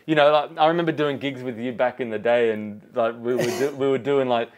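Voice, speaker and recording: A man's voice: mid-range voice, fairly even intonation, moderate pace. A man hosting a casual interview, friendly and easygoing, laughing often. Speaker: podcast host.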